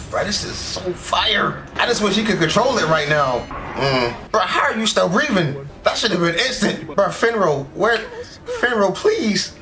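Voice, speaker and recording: A man giving casual, excitable reaction commentary as an anime reaction YouTuber, full of slang and quick exclamations. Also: high-pitched. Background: anime episode audio with music.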